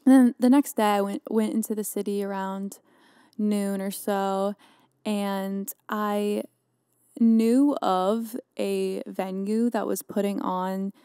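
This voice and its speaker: A woman's voice: medium pitch, steady tone, slow, mellow, clean tone, no room sound, clean studio sound. A young woman hosting a podcast, telling a rambling casual story full of "like" fillers. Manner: rambling, chatty, lots of "like" fillers. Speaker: podcast host.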